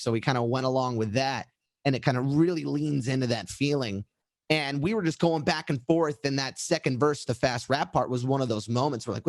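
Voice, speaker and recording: A man's voice: medium pitch, dry recording. Chatty man telling a studio story. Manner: rambling, animated, full of fillers and restarts. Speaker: musician. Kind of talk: casual storytelling interview.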